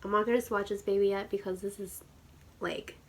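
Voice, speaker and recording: A woman's voice: medium pitch, steady tone, brisk, breathy edge. Gushing woman in her thirties. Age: 30s. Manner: gushing, breathless squeals and whispered asides. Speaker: beauty vlogger. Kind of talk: excited unboxing chat.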